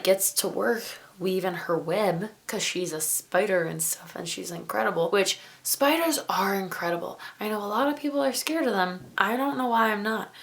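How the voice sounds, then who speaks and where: A woman's voice: medium pitch, gravelly, a bit bright. Chatty woman reviewing a book. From rural farm upbringing. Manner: chatty, digressive, wry asides. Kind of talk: casual book review vlog.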